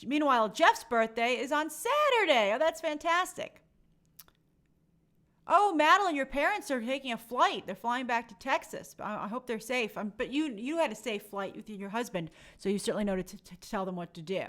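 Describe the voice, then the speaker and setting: A woman's voice: on the high side, animated, moderate pace, fairly bright tone. A young woman hosting a live stream, chatting casually and reading out viewer comments in a friendly, chatty way. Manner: chatty, friendly, reads names aloud.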